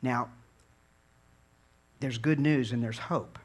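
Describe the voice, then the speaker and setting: A man from Virginia preaching a sermon in an earnest, conversational way, dropping low and quiet and then building to fervent peaks. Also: fairly even intonation, takes it slowly. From Virginia, USA. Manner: conversational storytelling with repeated words and restarts.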